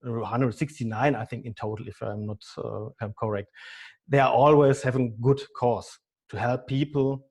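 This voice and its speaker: A man in his fifties with a German accent, a business consultant answering interview questions haltingly, often repeating words. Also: medium pitch, fairly even intonation, creaky, darkish tone, breathy edge. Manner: halting, repeats words, non-native phrasing. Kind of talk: podcast interview.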